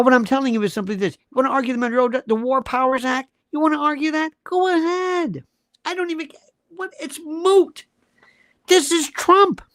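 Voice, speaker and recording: A man's voice: a bit bright, no echo, studio quality. An older man hosting political commentary, ranting in a blunt, crude and mocking way. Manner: blunt, crude and mocking, shifts pitch a lot.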